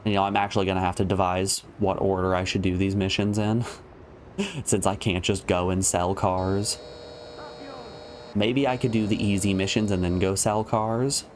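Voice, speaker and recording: A man's voice: low-pitched, fairly even intonation, moderate pace, slight background noise. A man streaming a video game, joking and thinking aloud in casual commentary.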